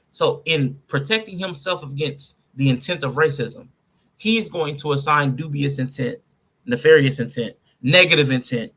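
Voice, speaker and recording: Bright-voiced man breaking down quotes. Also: on the high side. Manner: reads out quotes and picks them apart, laughing with his co-host. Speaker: podcast host. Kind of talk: casual commentary.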